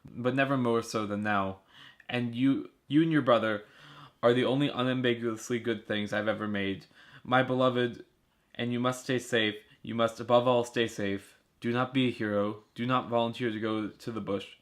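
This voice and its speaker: A man's voice: mid-range voice, steady tone, normal speed, close to an everyday voice. A man reading the letter of a loving, remorseful mother, tender and pleading, in an amateur audiobook reading.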